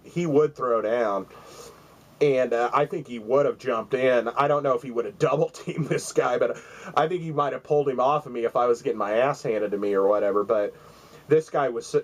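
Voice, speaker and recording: A man's voice: medium pitch, a bit bright, low-quality recording. A man in his forties telling a rambling, profane story to camera, acting out the other voices as he goes. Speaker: vlogger.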